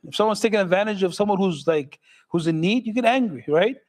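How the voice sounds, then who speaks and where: A man's voice: high-pitched, lively intonation, fast. A middle-aged man, an imam, giving a casual, joking sermon in a mosque hall and putting questions to the audience.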